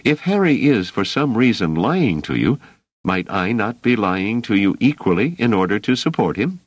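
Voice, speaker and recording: A man with a deep, lively voice reading an audiobook and playing a composed woman who is the hero's friend and protector, speaking in a steady, firm way. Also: moderate pace, no echo.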